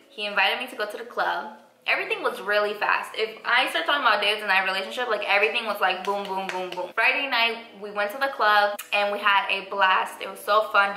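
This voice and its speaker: A woman's voice: medium pitch, bright, forceful tone. A young woman vlogger casually telling a story, chatty and full of "like" and "I was like". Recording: echoey room.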